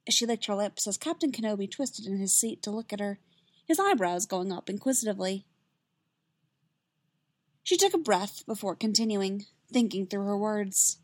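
A woman's voice: medium pitch, lively intonation, normal speed, dry recording. Woman reading a story, dry close sound. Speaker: reader. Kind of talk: reading fan fiction aloud.

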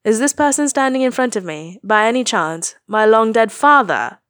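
A woman voicing a young male hero who is earnest and stunned, at times raising his voice and at times speaking in a hush. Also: a little high, lively intonation, moderate pace, no room sound, studio quality, pitched above the performer's own voice. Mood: incredulous. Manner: earnest, disbelieving, often hushed.

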